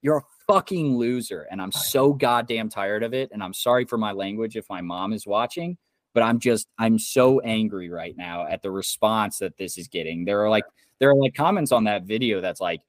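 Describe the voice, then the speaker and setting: Low-voiced young man ranting on a podcast. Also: moderate pace, no echo, clean studio sound. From Indiana. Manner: heated, swearing rant. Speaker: podcast co-host. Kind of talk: casual podcast chat.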